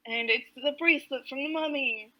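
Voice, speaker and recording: A woman's voice: high-pitched, fairly quick, sharp tone, low-quality recording. A woman co-hosting a podcast, casually retelling a comic, giggly, with lots of "like". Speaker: podcast co-host.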